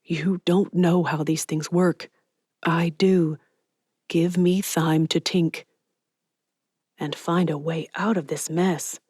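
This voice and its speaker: A woman's voice: lowish voice, steady tone, takes it slowly, pauses often, a little mellow, husky, no room sound, studio quality. A woman reading an audiobook, voicing a streetwise 1920s gangster who talks bluntly in clipped slang. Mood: firm. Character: streetwise 1920s gangster man, gruff but protective. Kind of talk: audiobook character voice.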